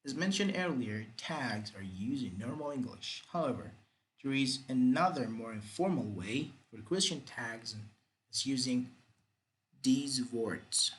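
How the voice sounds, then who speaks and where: Slow, deliberate male English teacher. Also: mid-range voice, lively intonation, a bit bright, low-quality recording. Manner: slow, deliberate, repeats examples with exaggerated rising and falling intonation. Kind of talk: grammar lesson.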